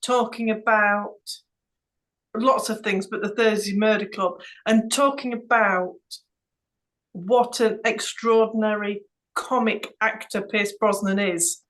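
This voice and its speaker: A woman's voice: mid-range voice, steady tone, slow pace, a bit bright, rough recording. A woman co-hosting a podcast, chatting in an easygoing way and thinking aloud. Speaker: podcast co-host. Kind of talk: casual chat.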